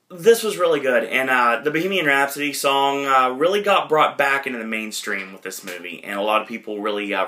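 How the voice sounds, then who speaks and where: Bright-voiced man rambling about movies. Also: medium pitch. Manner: rambling, many fillers and self-deprecating asides. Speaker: podcast host. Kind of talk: casual movie retrospective.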